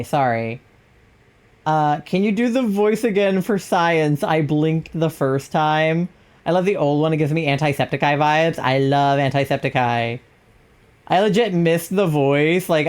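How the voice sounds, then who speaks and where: A young adult woman chatting casually on a live stream, rambling and filling her talk with "like". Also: extremely low pitch. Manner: rambling, full of "like" fillers. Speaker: livestreamer.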